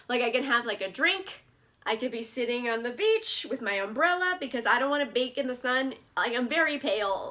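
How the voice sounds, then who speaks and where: Bubbly high-voiced young woman. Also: bright, forceful tone. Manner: bubbly, gushing, lots of "like" fillers. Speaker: book vlogger. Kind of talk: casual chat.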